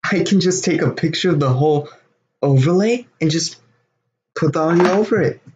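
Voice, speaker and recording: A man's voice: a little high, moderate pace, dull audio, noisy background. A young man co-hosting a casual podcast, protesting and defending himself among friends. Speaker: podcast host. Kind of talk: casual chat.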